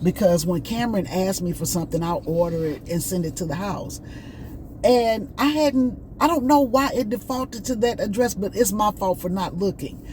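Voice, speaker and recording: A woman's voice: medium pitch, moderate pace, a little hiss or hum. Chatty woman vlogger telling stories. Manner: chatty, animated storyteller. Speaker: vlog host. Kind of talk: casual chat. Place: outdoors on a morning walk.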